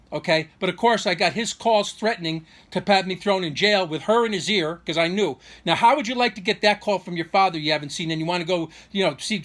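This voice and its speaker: A man's voice: sits high, a bit bright. A middle-aged man telling a personal story in an aggrieved, rambling way, full of restarts and rhetorical questions. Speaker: vlogger.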